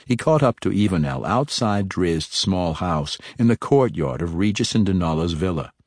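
A man reading a fantasy novel aloud in a measured narration, giving the characters light voices. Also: low-pitched, animated, a little mellow, no room sound, studio quality. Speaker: audiobook narrator.

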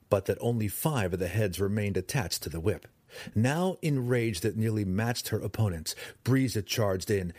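A man narrating a fantasy audiobook in a dramatic, expressive reading style, close to the mic. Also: lowish voice, dry recording.

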